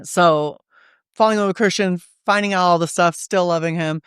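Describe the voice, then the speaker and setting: Her voice sits on the low side and moves briskly, smooth with no room sound and studio quality. As a podcast guest in the studio, she animatedly tells casual stories, swears freely, and performs what people said in changing voices.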